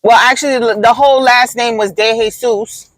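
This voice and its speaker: A woman's voice: on the high side, fairly even intonation, normal speed, a bit bright, no room sound, poor audio. A woman hosting a podcast, talking in a casual, blunt and profane way, with emphatic storytelling. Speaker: podcast host.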